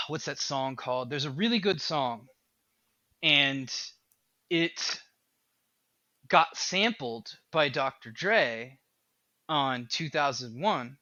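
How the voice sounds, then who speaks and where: A man who is a game developer, talking as a podcast guest in an animated, rambling way. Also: mid-range voice, slow, long pauses, dry recording, dull audio. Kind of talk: casual podcast chat.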